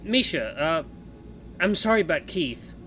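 A man voicing the quiet first-person hero of a visual novel, speaking in a mild, questioning way. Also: on the high side, sing-song, measured pace, a little hiss or hum, pitched above the performer's own voice, heavily acted. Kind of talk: reading a visual novel aloud.

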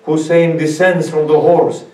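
A man as a sheikh giving a mournful sermon, telling a story slowly with dramatic pauses. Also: on the high side, steady tone, warm tone, a little hiss or hum. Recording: echoey hall, speaker far from mic.

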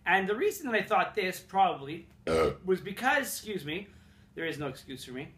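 This young Montreal vlogger's voice is high-pitched and sing-song, a little fast and a bit bright, ringing with reverb in his apartment room. He rambles casually through humorous childhood stories, swearing and laughing at himself.

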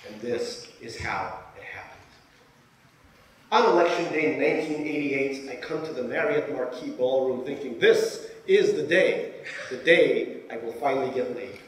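A Soviet-born man reads his memoir aloud in a middle-pitched voice, with a dry, self-deprecating wit. He is picked up from a distance, deep in a very echoey hall, over a faint murmur of the room. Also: a little hiss or hum. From Soviet Union. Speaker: author. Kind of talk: reading a memoir aloud to a live audience. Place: large lecture hall.

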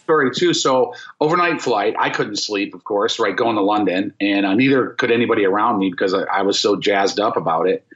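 Man, fifties, from florida, excited rambling storyteller, lots of fillers, dull lo-fi podcast sound. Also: fairly low pitch, a little fast, few pauses. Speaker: podcast guest, former rock bassist. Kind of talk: casual storytelling interview.

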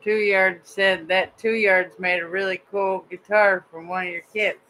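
A man's voice: high voice, fairly even intonation, a little slow, sharp tone, low-quality recording. A man co-hosting a livestream, reading out viewer comments in a playful, giggly way. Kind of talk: casual livestream chat.

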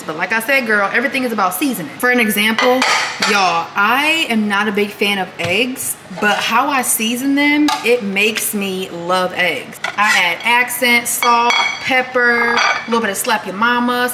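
At home in her kitchen and bedroom, this chatty young vlogger talks to her viewers as if they were friends, addressing them as "girl" and "y'all." Her voice is a little high, and there's background noise.

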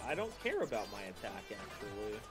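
A man's voice: lowish voice, fairly quick, music in the background. A man chatting casually while playing a game on stream. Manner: animated, swings loud to quiet. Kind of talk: casual gameplay chat.

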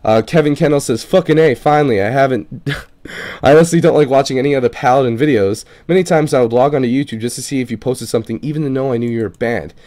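A man's voice: medium pitch, fast talker, mellow. Casual, profane gaming video man. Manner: loose and profane, swears casually; stumbles over unfamiliar names. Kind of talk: casual reading of viewer comments.

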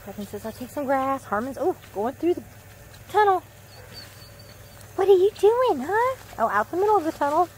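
A woman outdoors talking to puppies in a high, sing-song baby-talk voice. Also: very animated, normal speed, long pauses, darkish tone, slight background noise. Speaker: dog owner filming puppies. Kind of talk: casual chat to puppies. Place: outdoors in a yard.

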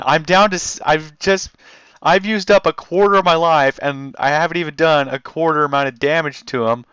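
A man giving excitable let's play commentary, swearing and yelling at the game. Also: a little high, moderate pace, smooth, no room sound, dull audio. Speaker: gamer.

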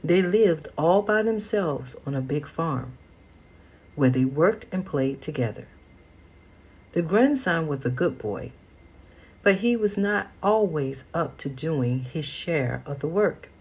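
A woman reading a children's picture book aloud as a storyteller, slow and expressive. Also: low-pitched, slightly rough.

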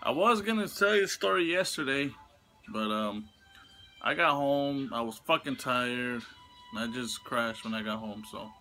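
A young man vents through a storytime vlog with a bright, ringing voice. He swears freely and his pitch spikes into angry highs. Faint music plays behind him. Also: animated, a little slow. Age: young adult. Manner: profane, heated venting with sudden high outbursts. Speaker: vlogger telling a story. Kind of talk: casual storytime rant.

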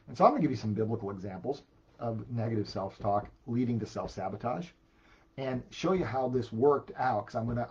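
A man preaching a sermon as a pastor, animated, repeating words when he gets emphatic. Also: lowish voice, slightly rough, dull audio.

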